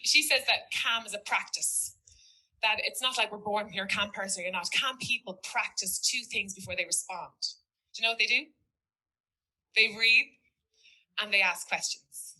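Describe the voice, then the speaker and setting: A teacher speaking to an audience, telling a story in an earnest, reflective way. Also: female voice, mid-range voice, sharp tone, rough recording. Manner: earnest, reflective, quotes a student in dialogue. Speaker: teacher giving a talk.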